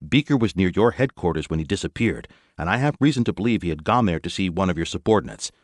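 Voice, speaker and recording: A man's voice: deep voice, expressive, fast talker, no echo, clean studio sound. A man voicing a stiff, threatening male military captain in an audiobook. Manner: stiff, snarling.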